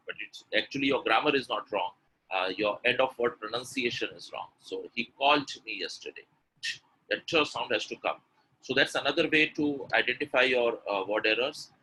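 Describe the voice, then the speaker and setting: A man's voice: mid-range voice, moderate pace, bright, forceful tone, slight background noise, poor audio. A man teaching pronunciation in a live webinar, coaxing and repeating himself as he speaks to attendees directly. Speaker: English pronunciation coach.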